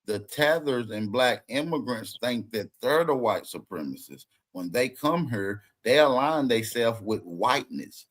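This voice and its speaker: A man's voice: mid-range voice, animated, unhurried, few pauses, a bit bright. A man hosting a reaction commentary, mocking and profane, with heavy emphasis. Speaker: commentary channel host.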